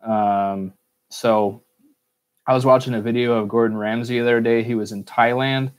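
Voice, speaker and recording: A man's voice: mid-range voice, fairly even intonation, normal speed. An American man hosting a casual solo Q&A podcast, rambling, cursing freely and joking at his own expense. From United States. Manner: rambling, swears a lot, self-mocking. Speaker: podcast host.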